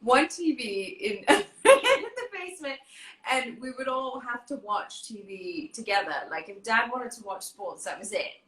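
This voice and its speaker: A woman's voice: fairly high pitch, lively intonation, measured pace. A woman hosting a casual chat show, talking earnestly and laughing as she tells stories. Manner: warm, earnest and laughing while telling stories. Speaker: host. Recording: roomy echo.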